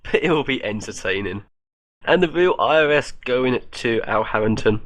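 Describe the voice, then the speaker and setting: A man's voice: mid-range voice, animated, moderate pace, fairly bright tone, no echo. A man casually commentating a gaming league draft on a stream, joking and laughing often. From Europe.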